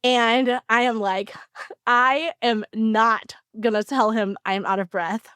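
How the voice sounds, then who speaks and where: Woman, podcast co-host, animated storytelling, lots of fillers, dry close recording. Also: fairly high pitch, slow pace, smooth, no room sound. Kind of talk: casual podcast chat.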